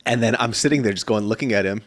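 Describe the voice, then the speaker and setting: A man in his thirties hosting a podcast, telling stories in a casual, animated way, swearing often and laughing a lot. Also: lowish voice, fast talker. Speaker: podcast host. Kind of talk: casual chat.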